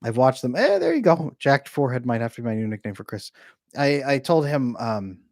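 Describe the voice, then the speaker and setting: A man's voice: medium pitch, very animated, a little mellow, dry recording, clean studio sound. Joking man hosting a relationship Q&A. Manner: joking, chatty, quick to laugh. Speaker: relationship coach hosting a live Q&A. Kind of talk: casual livestream chat, reading viewer comments. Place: home room with a bookshelf behind him.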